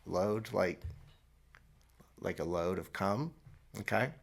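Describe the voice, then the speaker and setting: Sarcastic deadpan man, low-pitched. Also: takes it slowly, gravelly. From Florida. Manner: rambling with restarts, mock-earnest. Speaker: podcast host. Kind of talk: solo comedic monologue. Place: traveling abroad, recording alone.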